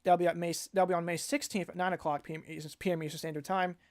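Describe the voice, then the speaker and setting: A young man who organizes a league hosts a casual livestream announcement, speaking rapid-fire in a high-ish voice with little pitch movement. He rambles and often corrects himself or restarts mid-sentence.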